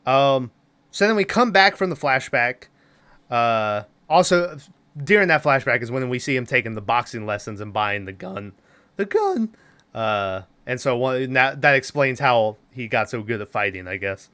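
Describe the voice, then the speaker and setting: A man's voice: medium pitch, moderate pace, sharp tone, clean tone. A man co-hosting a podcast, giving a rambling, casual movie recap, swearing and laughing often. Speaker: podcast co-host.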